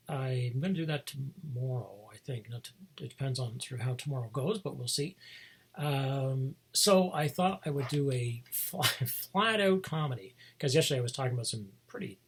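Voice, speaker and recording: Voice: mid-range voice, gravelly, husky. A vlog host talking in a casual, meandering monologue, full of restarts and small chuckles. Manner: meandering, many fillers and restarts, chuckles often.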